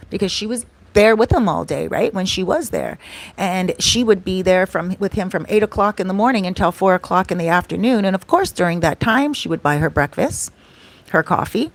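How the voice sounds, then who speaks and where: A woman's voice: medium pitch, expressive, brisk. A woman telling a story to her viewers in a casual vlog, chatty and often checking in with "right?".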